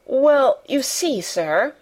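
A woman's voice: medium pitch, lively intonation, normal speed, lightly acted. A woman reading the part of a flustered, fussy middle-aged housekeeper who explains breathlessly to her master. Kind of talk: audiobook character reading.

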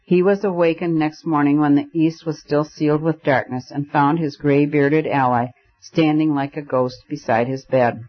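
A man reads an audiobook aloud in a measured storytelling manner. His voice is slightly high, and the recording sounds dull and lo-fi. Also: steady tone. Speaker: audiobook narrator. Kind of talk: scripted narration.

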